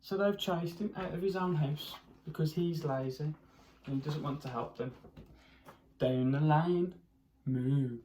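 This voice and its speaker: A primary school teacher reads a picture book aloud to children, pausing to ask them questions and doing expressive character voices and animal noises. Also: mid-range voice, a little hiss or hum. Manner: pauses to ask young listeners questions.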